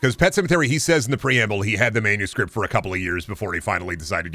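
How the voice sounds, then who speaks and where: A man's voice: fairly low pitch, rapid-fire, faint music behind. A young man streaming a game, chatting casually and ranting with plenty of swearing. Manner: animated, profane ranting. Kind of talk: casual chat while gaming.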